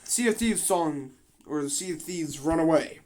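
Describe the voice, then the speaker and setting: A man's voice: a little high, animated, moderate pace, a little mellow. A young man giving casual commentary on a game simulation, slangy and full of swearing and joking asides.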